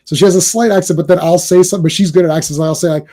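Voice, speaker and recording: A man co-hosting a casual movie discussion, rambling and animated with quick asides. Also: fairly high pitch. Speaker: podcast co-host.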